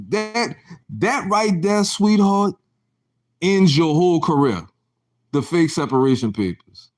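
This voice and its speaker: Guy ranting on his livestream, swearing nonstop, rambly gossip, voice kinda high and jumping all over. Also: big pitch swings, takes it slowly, a little mellow. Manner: profane, rambling storytelling with frequent restarts; mocking, laughing gossip. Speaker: livestream host. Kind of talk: casual livestream rant.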